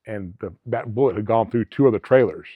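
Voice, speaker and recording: This guest is a middle-aged Alabama man who used to be a police officer and runs a travel agency, and he spins earnest, rambling stories in a relaxed interview, restarting frequently. He speaks briskly in a lowish, slightly rough voice. The audio is dry and thin, much like a phone line.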